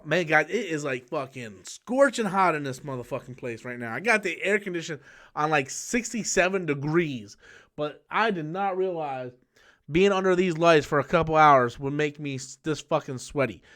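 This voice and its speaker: Hosting a live-stream chat from a small, studio-lit room, this YouTube personality is excitable and profane. He hums movie sound effects while talking, in a voice on the high side at a moderate pace.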